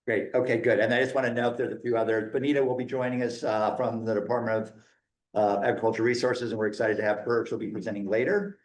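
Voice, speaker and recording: A man's voice: on the low side, steady tone, fast. Man chairing a meeting in an echoey room. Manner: informal, joking, loose and friendly. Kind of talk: chairing a hybrid public meeting.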